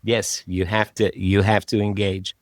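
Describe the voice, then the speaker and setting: A man hosting a podcast interview, talking in a relaxed, rambling way with plenty of fillers and restarts. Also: on the low side, unhurried, no room sound, studio quality. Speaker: podcast host. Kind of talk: casual interview chat.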